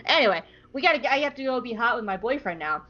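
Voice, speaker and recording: A woman podcast co-host retelling a fan story in a casual, giggly, animated way. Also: on the high side, fast talker. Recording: dull lo-fi podcast audio.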